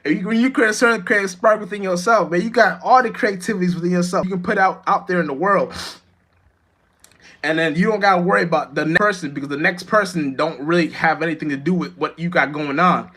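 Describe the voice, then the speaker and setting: A man's voice: fairly high pitch, a little fast, pushed and bright. A young man, a rapper, chatting loosely to viewers on a livestream, often losing his train of thought and swearing freely. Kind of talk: rambling casual livestream chat.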